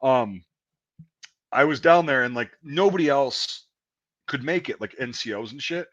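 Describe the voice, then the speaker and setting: A man's voice: medium pitch, expressive, unhurried, fairly bright tone. A man in his thirties telling profane, rambling army stories in casual chat. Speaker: podcast host. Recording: dull lo-fi audio.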